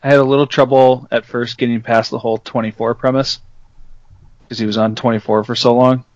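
A man's voice: medium pitch, level tone, brisk, dry recording. Young man recapping shows, muffled sound. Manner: explains plots at length with many fillers. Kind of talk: casual chat.

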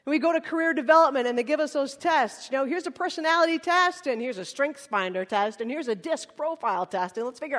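High-voiced woman preaching in a reverberant hall. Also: fairly bright tone. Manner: conversational and humorous, acts out dialogues. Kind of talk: sermon. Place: large worship hall.

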